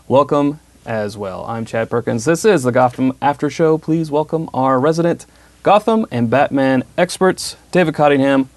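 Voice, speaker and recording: A man's voice: medium pitch, dry recording. A man hosting a casual TV after-show podcast, upbeat and chatty, laughing easily. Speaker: host.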